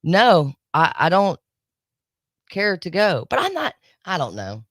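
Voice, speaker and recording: Wry, sarcastic woman radio host, lively pitch, dry studio mic. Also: slow pace, no echo. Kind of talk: casual morning radio banter. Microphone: studio microphone.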